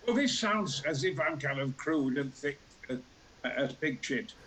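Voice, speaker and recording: This Yorkshireman in his eighties is a talk show guest who tells his stories theatrically, acting out every character in a booming, larger-than-life voice with sudden loud outbursts. He speaks a little slowly, and there is some background noise.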